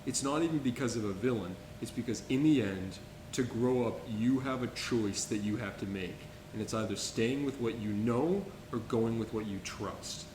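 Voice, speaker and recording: A young man co-hosting a casual podcast, talking about films in an eager, rambling way. His voice sits at an ordinary pitch and rings a little in an echoey room, with a faint hum underneath. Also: normal speed. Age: young adult. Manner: enthusiastic, rambling with restarts. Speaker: podcast co-host. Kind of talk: casual film-review chat.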